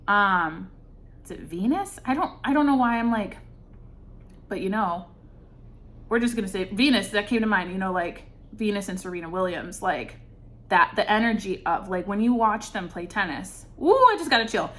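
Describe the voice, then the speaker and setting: A woman's voice: medium pitch, animated, normal speed, a bit bright. A woman giving an intuitive tarot reading, earnest and searching for words with many fillers. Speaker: tarot reader.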